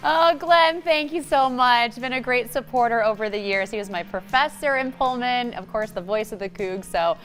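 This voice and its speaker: A woman's voice: a little high, moderate pace, few pauses, fairly bright tone. Bubbly female morning news anchor. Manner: bubbly, laughing delivery.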